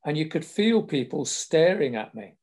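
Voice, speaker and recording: A man's voice: on the high side, very animated, moderate pace, a little mellow, slightly rough. An older man with a southern English accent, telling stories from his working life in a chatty, anecdotal way with small laughs. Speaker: storyteller recalling his career. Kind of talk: casual spoken memoir.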